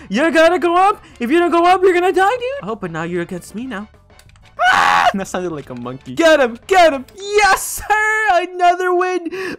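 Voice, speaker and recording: A young man giving excited gameplay commentary as a gaming YouTuber, hyped and calling out to his viewers. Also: high-pitched. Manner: hyped, keeps calling out to "boys", yelps and laughs at plays.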